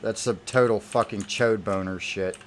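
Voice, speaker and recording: Low-voiced man ranting through gameplay. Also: steady tone, normal speed, slight background noise. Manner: irritated, heavily profane ranting. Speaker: gamer. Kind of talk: gameplay commentary.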